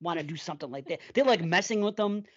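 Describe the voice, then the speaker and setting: A woman's voice: fairly low pitch, fast. A Gen X woman hosting a podcast, chatting casually about a film, laughing often and acting out lines from it. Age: 40s to 50s. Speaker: podcast host. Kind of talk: casual movie chat. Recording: dull lo-fi podcast audio.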